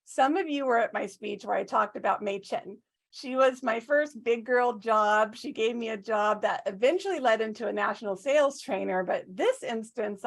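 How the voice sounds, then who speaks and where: Woman speaker, lively funny story speech, self-mocking, quizzes the audience, slightly high voice. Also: vocal fry. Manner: animated, self-mocking, asks the audience questions. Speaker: club speaker.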